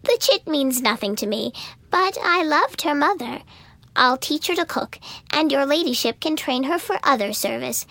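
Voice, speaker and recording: A protective old cook from a storybook, plain-spoken and firm, slow and a bit higher, as a woman reads her. The recording is dry and close. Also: creaky, a bit bright, dry recording, full character voice.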